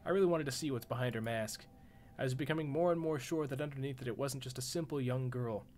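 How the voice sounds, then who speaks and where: A man's voice: medium pitch, fast talker, a little mellow, a little hiss or hum. A man live-streaming a horror visual novel, reading the narration aloud and breaking off for profane, jokey reactions.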